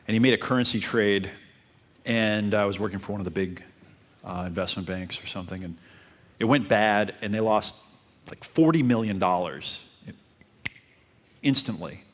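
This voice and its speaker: A man with a fairly low voice gives dating advice. He speaks calmly and steadily. He keeps circling back to the same points. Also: normal speed, long pauses. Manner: calm, repetitive advice-giving. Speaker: dating coach. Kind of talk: coaching talk.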